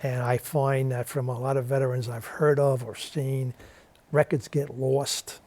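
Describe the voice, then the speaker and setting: A man who interviews war veterans guests on a TV interview show in a studio, telling a story in a New York accent and imitating the people in it. His mid-range, darkish voice has a flat delivery and a measured pace.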